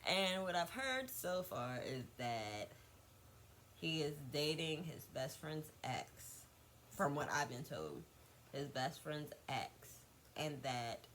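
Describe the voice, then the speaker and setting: Low-voiced woman spilling storytime gossip. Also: slight background noise, poor audio. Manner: animated, repetitive, swearing freely. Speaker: vlogger.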